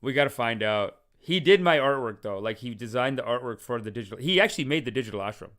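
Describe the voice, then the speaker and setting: A man's voice: medium pitch, lively intonation, fast, a bit bright. A man hosting a podcast in casual, rambling, joking talk, swearing and laughing often. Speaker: podcast host. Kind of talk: casual chat.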